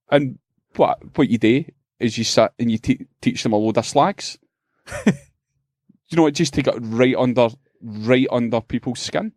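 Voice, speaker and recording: A Scottish man in middle age spins comic stories on a podcast, jumping into voices for everyone in them and swearing as he goes. His voice sits at an ordinary pitch and is picked up dry and close to the mic. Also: moderate pace, dry recording. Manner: animated storyteller, swears freely and acts out voices. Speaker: podcast co-host. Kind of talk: casual comedic chat.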